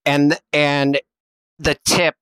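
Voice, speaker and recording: Man podcast co-host, smooth clear voice, rambling and self-deprecating in casual chat. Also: a little high, flat delivery, very slow, a bit bright, no echo. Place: home.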